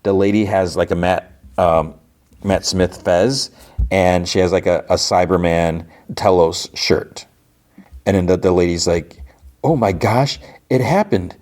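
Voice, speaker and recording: A man's voice: low-pitched, flat delivery, unhurried, darkish tone. A man hosting a podcast, casually recapping an episode with lots of fillers and restarts. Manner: rambling, many fillers and restarts. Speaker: podcast host.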